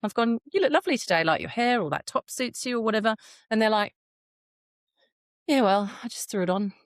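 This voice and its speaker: A middle-aged woman, co-hosting a podcast in casual chat, chatty and quick to laugh. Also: a little high, dry recording, clean studio sound. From Australia. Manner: chatty, laughs often, acts out quoted speech. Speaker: podcast co-host.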